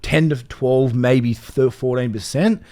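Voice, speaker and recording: A man's voice: medium pitch, measured pace, a little mellow. An Australian man co-hosting a casual podcast, laid-back and rambling, swearing freely. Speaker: podcast co-host.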